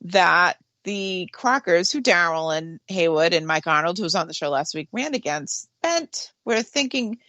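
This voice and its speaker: A woman's voice: on the low side, animated, unhurried, few pauses, bright, forceful tone, no room sound. New woman, dry close sound. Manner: explains at length, laughs easily. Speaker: radio show co-host. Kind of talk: casual talk radio chat.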